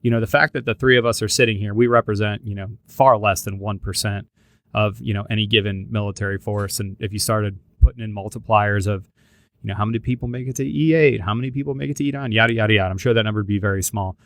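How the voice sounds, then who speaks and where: A middle-aged podcast host chats casually and earnestly, with lots of restarts. His voice is lowish and his pace quick. There is no room sound.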